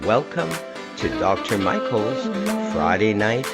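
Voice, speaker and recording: A man's voice: fairly low pitch, sing-song, takes it slowly, over loud music. An older man hosting a live-streamed magic show, announcing acts in a showbiz style. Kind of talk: showman's host patter.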